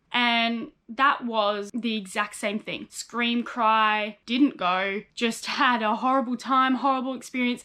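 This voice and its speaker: A woman's voice: on the high side, a bit bright. A young woman, a psychologist in training, frankly telling her own life story in a personal vlog. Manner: candid, frank, acts out remembered dialogue.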